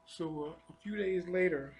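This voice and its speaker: A man telling a personal spiritual testimony in an earnest, confessional way, halting and often repeating his words. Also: high-pitched, darkish tone, slight background noise. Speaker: storyteller sharing a personal testimony.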